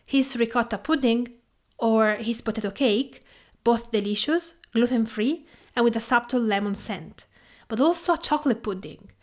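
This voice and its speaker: Italian-accented female podcast host, slightly high voice, calm scripted delivery. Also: normal speed. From Tuscany, Italy.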